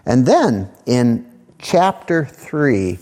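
A man preaching a sermon, emphatic, with slow drawn-out phrases and sudden rises for emphasis. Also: mid-range voice, sing-song, mellow. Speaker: pastor.

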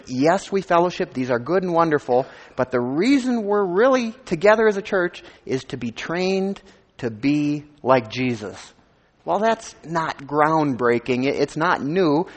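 A man preaching a sermon as pastor, earnest and conversational, stressing scripture lines with rising emphasis. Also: on the high side. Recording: long hall reverb.

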